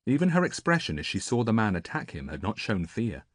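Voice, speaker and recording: A man reading a novel aloud as an audiobook narrator, steady and measured. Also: fairly low pitch, no echo. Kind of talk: scripted narration.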